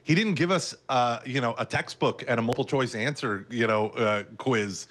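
A man with a Texas accent, a guest minister answering interview questions in a lively, chatty way with frequent laughs. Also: mid-range voice. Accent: Texan. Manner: animated, laughs often, quick asides. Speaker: guest, parish ministry leader.

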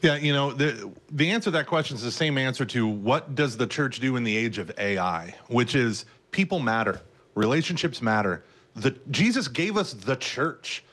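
A man with a Texas accent, a guest minister answering interview questions in a lively, chatty way with frequent laughs. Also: medium pitch. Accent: Texan. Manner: animated, laughs often, quick asides. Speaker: guest, parish ministry leader.

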